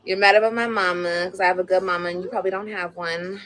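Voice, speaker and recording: A woman's voice: on the low side, steady tone, fast talker, fairly bright tone. A young woman on a casual live stream, blunt and profane, scolding her children between complaints about critics. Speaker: livestreamer.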